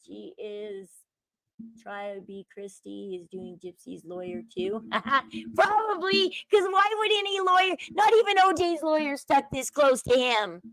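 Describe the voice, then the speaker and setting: Over a video clip, a channel host speaks in a high, very animated voice, pacing herself a little slowly as she chats and speculates. When she quotes someone else, she drops to a quiet murmur. It's a low-quality recording, dry and close, without echo.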